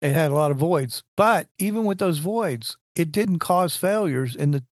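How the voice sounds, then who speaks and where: A man's voice: fairly high pitch, expressive, moderate pace, no room sound, clean studio sound. A man in casual technical conversation, rambling and restarting his sentences as he explains engineering ideas.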